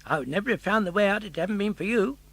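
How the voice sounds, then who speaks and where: An actor voicing a friendly, chatty tunny fish in an audiobook. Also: male voice, sits high, expressive, rapid-fire, a bit bright, no echo, pitched above the performer's own voice, full character voice. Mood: chirpy.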